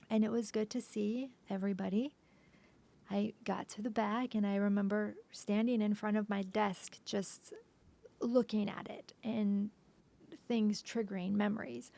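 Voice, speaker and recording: A woman being interviewed as a podcast guest, retelling a painful personal story haltingly, with restarts and frequent drops to a soft whisper. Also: medium pitch, gravelly.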